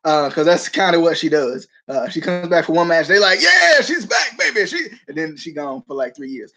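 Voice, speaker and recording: A man's voice: fairly high pitch, fairly quick, a bit bright. A man hosting a wrestling podcast, rambling casually with frequent laughs and restarts. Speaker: podcast host. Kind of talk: casual chat.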